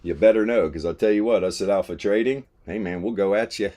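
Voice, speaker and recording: Low-voiced laid-back trading streamer. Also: male voice, fast, dark tone. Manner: laid-back, swears, laughs while telling stories. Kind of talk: casual live-stream chat.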